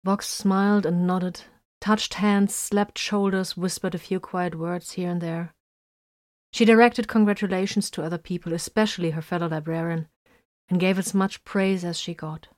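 A woman narrates a military adventure with emphatic bursts and sudden drops to hushed tones. Her voice sits on the lower side for a woman. The recording is dry and close, with no room sound. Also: steady tone, normal speed, no room sound. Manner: dramatic swings between loud emphasis and hushed lines. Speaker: audiobook narrator. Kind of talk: scripted narration of military science fiction.

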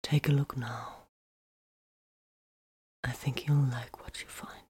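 Low soft-spoken guy, tender and coaxing, all breathy whispers, as a lady reader does him. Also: steady tone, slow pace, full character voice. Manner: hushed, breathy murmur. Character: gentle, persuasive man, soft and patient. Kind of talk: audiobook character reading.

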